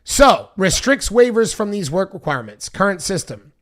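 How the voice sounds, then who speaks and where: A man's voice: sits high, sing-song, moderate pace. Man reading through a bill, chatty asides. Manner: reads bill text aloud with loose asides and fillers. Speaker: political commentary streamer.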